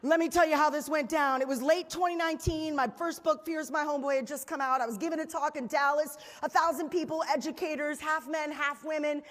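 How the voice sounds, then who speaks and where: A woman giving a motivational stage talk, telling stories in an animated, chatty way to a live audience. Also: sits high, fairly quick, few pauses. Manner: animated storytelling, chatty fillers. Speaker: keynote speaker. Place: large hall with live audience. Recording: reverberant hall.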